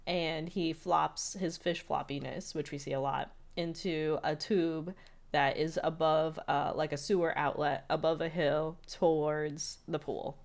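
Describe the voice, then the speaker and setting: A woman's voice: deep voice, steady tone, measured pace, gravelly. A woman co-hosting a podcast, chatting casually through an episode recap with lots of "like" fillers. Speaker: podcast co-host.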